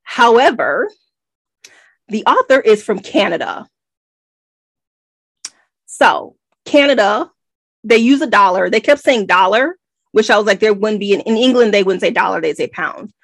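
An American woman co-hosting a casual book-club podcast, animated and nitpicky with lots of rambling asides. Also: medium pitch, unhurried, long pauses, no room sound. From United States. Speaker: podcast co-host.

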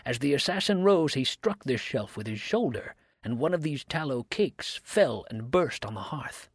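A man giving a measured, grave dramatic reading of an old mystery story. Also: mid-range voice, expressive, slightly rough, dry recording, studio quality. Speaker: story reader.

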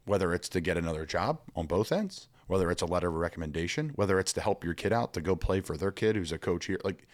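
A young adult man, a pro football player, telling stories as a guest in an energetic, rambling way and acting out the voices he quotes. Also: sits low, fast talker, few pauses, no echo, studio quality. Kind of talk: animated storytelling conversation.

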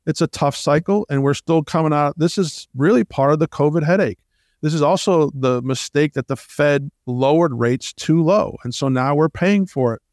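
A man's voice: fairly high pitch, a little mellow, no room sound, clean studio sound. Emphatic man hosting a retirement talk show. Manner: emphatic, with rhetorical questions and direct asides to listeners. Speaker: retirement planning show host. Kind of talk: persuasive radio talk-show monologue.

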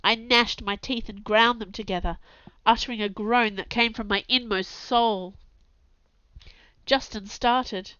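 A woman narrating a dramatic audiobook reading in an anguished, intense, theatrical way, dropping to hushed tones at times. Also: on the high side, steady tone, measured pace, smooth, dry recording. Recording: slightly dull, dry recording.

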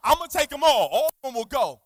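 A man preaching as a guest pastor, lively and conversational, acting out little dialogues and repeating words for emphasis. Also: very high-pitched, fast, no echo. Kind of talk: lively sermon.

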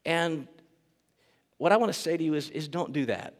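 A man's voice: a little high, moderate pace, long reverb tail. A man preaching a sermon as pastor, earnest and emphatic, repeating key phrases for weight.

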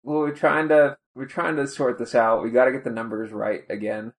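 A man's voice: mid-range voice, steady tone, moderate pace. A man co-hosting a podcast in playful, teasing casual chat. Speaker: podcast co-host.

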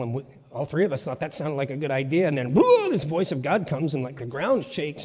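A man's voice: fairly high pitch, sing-song, fast, few pauses, darkish tone. Emphatic male pastor in reverberant hall. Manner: emphatic, repetitive, conversational preaching. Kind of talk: sermon. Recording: long church reverb.

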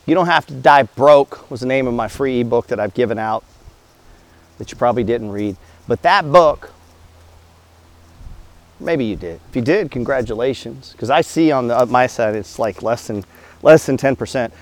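A man's voice: mid-range voice, normal speed, dry recording. A man giving a blunt, profane motivational talk about money, full of rhetorical questions. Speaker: host.

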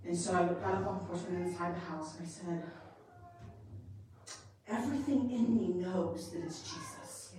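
A woman leading women's ministry, preaching a conference sermon as testimony, by turns hushed and fervent. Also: on the low side, normal speed, pauses often, far from the mic, slight background noise. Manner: impassioned, rising from hushed to loud and fervent. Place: large conference hall. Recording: echoey hall, recorded from afar.

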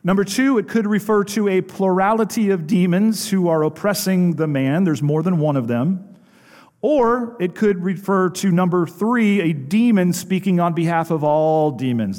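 A man's voice: on the high side, darkish tone. A pastor preaching a sermon in an emphatic way, putting rhetorical questions to his congregation. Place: church sanctuary. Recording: long hall reverb.

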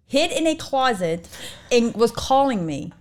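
A woman's voice: fairly high pitch, big pitch swings, unhurried. A middle-aged woman telling funny family stories in casual chat, laughing often as she talks. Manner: laughs often while telling stories, mimics voices in quotes. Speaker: mother of the co-host.

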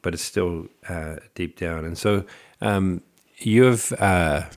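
A man interviewing a guest, halting and searching for words with many fillers. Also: low voice, no room sound, studio quality. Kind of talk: conversational interview.

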